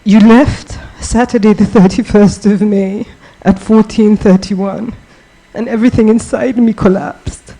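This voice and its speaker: A mourner giving a funeral eulogy in a slow, measured, grieving way. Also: medium pitch, steady tone, warm tone, poor audio.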